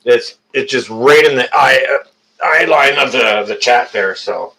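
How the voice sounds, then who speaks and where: A man's voice: mid-range voice, a little slow, vocal fry, bright, forceful tone, rough recording. A man hosting a live stream, chatting casually, rambling with many fillers and greeting viewers by name.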